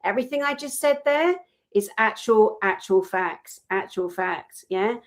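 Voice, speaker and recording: A woman co-hosting a casual chat, speaking in a passionate, outspoken, animated storytelling manner. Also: medium pitch, unhurried. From Britain. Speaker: co-host.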